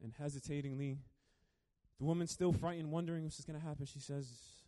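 A man preaching a sermon as a pastor, telling the story dramatically and swinging between hushed and loud. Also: on the high side, steady tone, fairly quick.

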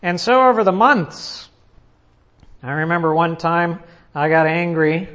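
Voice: mid-range voice, expressive, a little slow, fairly bright tone, muffled recording. Preacher in a sermon: casual storyteller who keeps restarting sentences and quizzes the listeners. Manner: conversational storytelling with frequent restarts; asks the audience questions.

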